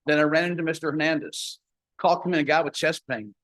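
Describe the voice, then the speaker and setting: A man's voice: fairly high pitch, fairly even intonation, fast, fairly bright tone, dry recording, poor audio. Folksy older man, dry close sound. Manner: folksy, acts out dialogue in his story. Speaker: paramedic educator. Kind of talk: conference talk with storytelling.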